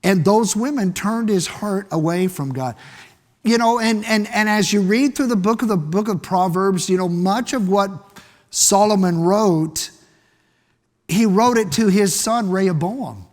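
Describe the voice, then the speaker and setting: A man preaches to his congregation in a church, his high-pitched voice unhurried and a little mellow. He drives his points home emphatically through repetition and rhetorical questions, and the sound carries a long hall reverb.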